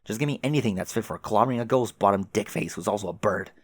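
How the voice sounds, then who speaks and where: A man's voice: fairly low pitch, fast talker, dry recording, lightly acted. A man voicing a furious teenage boy who rants indignantly and sarcastically at a rival.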